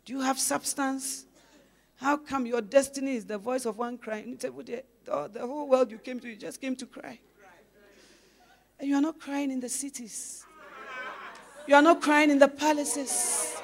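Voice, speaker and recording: A woman preaching a sermon as a pastor's wife, swinging from loud, emphatic exhortation to low, musing questions. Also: fairly even intonation, normal speed.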